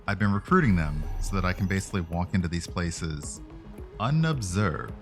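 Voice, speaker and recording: A man's voice: low-pitched, very animated, moderate pace, soft background music. A man streaming a video game, chatting casually and rambling, with frequent fillers and self-corrections. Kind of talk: casual gameplay commentary.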